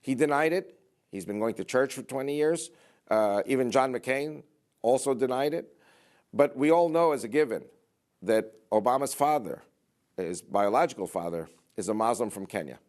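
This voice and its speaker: A man's voice: mid-range voice, lively intonation, normal speed, darkish tone. A man giving an emphatic political speech, leaning on repeated phrases and rhetorical questions. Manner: emphatic, repetitive rhetorical delivery. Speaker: public speaker. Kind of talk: political speech to a church audience.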